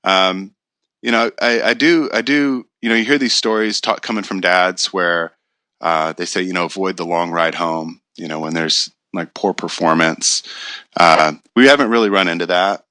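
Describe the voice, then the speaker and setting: A man who coaches youth track, talking about his kids reflectively in a casual podcast conversation, with many pauses and fillers. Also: deep voice, bright, forceful tone, no room sound.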